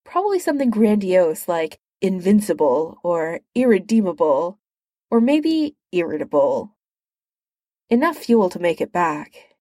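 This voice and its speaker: A woman's voice: lowish voice, sing-song, unhurried, warm tone, no room sound, studio quality. A woman narrating fan fiction in a light, amused reading style.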